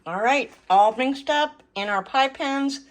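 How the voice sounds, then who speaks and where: A woman's voice: high voice, slow, rough recording. Chatty woman talking through a recipe. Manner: chatty, talks through each step as she works. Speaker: home cooking and garden vlogger. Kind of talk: casual cooking vlog.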